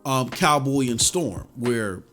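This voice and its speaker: A man co-hosting a casual podcast chat, telling stories with lots of animation and swinging between loud bursts and quiet asides. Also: medium pitch, lively intonation, slow pace, faint music behind. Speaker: podcast co-host.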